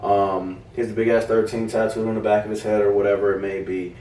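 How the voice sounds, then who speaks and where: Animated storytelling man, roomy far mic. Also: on the low side, quick pace, slight background noise. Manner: animated, swearing, acts out quoted voices. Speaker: podcast co-host. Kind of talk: casual storytelling.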